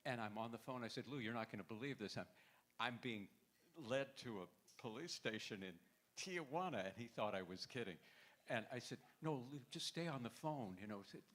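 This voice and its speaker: A man telling a wry, halting anecdote at a memorial gathering. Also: mid-range voice, animated, fairly bright tone. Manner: wry, anecdotal, with stammering restarts. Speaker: memorial speaker telling a story. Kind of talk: storytelling at a memorial. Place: event hall with audience.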